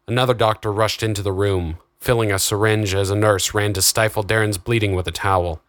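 Low-voiced male audiobook narrator. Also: brisk, hardly any pauses, dry recording, studio quality. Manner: steady, dramatic storytelling. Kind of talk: scripted narration.

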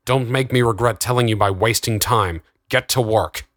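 A man's voice: medium pitch, moderate pace, fairly bright tone, dry recording, studio quality, natural voice. A man doing a stern, commanding doctor. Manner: curt, commanding.

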